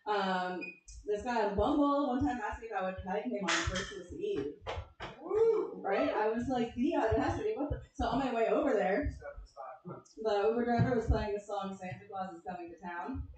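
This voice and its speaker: A woman performing a deadpan, self-deprecating stand-up set on a comedy club stage, asking the crowd questions between jokes. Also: medium pitch, moderate pace, slight background noise. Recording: echoey club room from far off, crowd laughter. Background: audience laughing.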